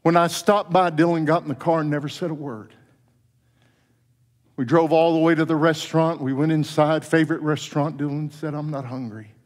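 A middle-aged man preaching a sermon as pastor, telling a story with soft, low quoted lines that climb into fervent passages. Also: steady tone, a little fast. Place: church sanctuary. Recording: long church reverb.

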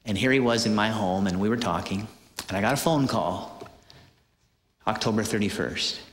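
A male preacher tells a dramatic story in a mid-pitched voice, animated and full of small hesitations. He is recorded in a large hall with strong echo and a long reverb tail. Faint noise sits behind him. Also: normal speed. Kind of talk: sermon.

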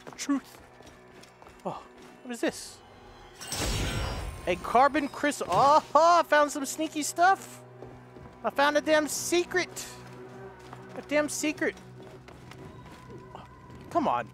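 A man giving excitable let's play commentary, with loud outbursts and giggly laughter. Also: extremely high pitch, slow pace, gravelly, long pauses, music in the background. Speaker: gaming YouTuber.

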